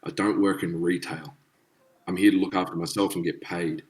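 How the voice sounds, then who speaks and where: Husky blunt man. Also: sits low, flat delivery, normal speed, darkish tone. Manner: blunt, swears freely. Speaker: guest musician. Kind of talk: casual storytelling.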